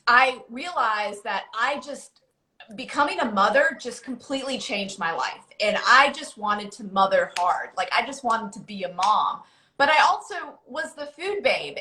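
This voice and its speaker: A woman's voice: on the high side, bright, forceful tone, reverberant. A woman hosting a casual live-stream conversation, speaking earnestly about her own life. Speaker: host.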